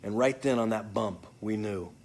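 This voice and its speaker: A man's voice: on the low side, moderate pace, a little mellow, slight background noise. A man casually answering fan comments, joking and swearing freely. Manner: joking, profane, off the cuff. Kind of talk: casual live chat.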